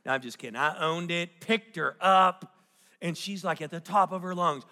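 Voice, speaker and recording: A middle-aged man preaches in a relaxed storytelling way, often checking in with the congregation and slipping in jokes. His voice sits a bit high and sounds bright and forceful. A long reverb trails each phrase, as in a large church hall. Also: normal speed. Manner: storytelling with audience questions and jokes. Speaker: pastor. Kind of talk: sermon. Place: church sanctuary.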